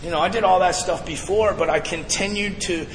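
A man's voice: high-pitched, fairly quick, a little hiss or hum. A man sharing his recovery story to a live group at a twelve-step meeting, earnest and emphatic, often calling the crowd guys. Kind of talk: personal testimony to a live group. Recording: echoey hall with background ambience.

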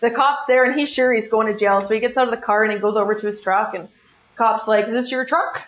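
This middle-aged woman talks fast in a voice on the high side, recounting her story at a recovery meeting in a spirited, self-deprecating way and performing the quotes of people she mentions. The recording is dull and lo-fi, with plenty of room echo.

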